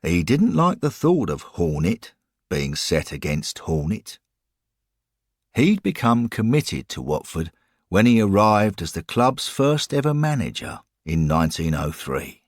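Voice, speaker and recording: Slow, husky-voiced male storyteller. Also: low-pitched, no room sound. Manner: dry, wry, expressive reading. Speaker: narrator. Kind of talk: scripted storytelling narration.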